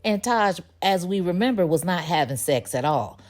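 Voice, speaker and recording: A woman's voice: fairly low pitch, expressive, normal speed, darkish tone. A woman giving a casual spoken recap of a TV episode, telling the story in a chatty way with sassy asides. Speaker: TV show recap reviewer.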